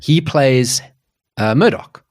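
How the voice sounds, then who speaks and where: This co-host from South Africa has a medium-pitched voice and a slow delivery. On the casual show, he tells stories with lively energy, wandering into asides and frequently starting sentences over.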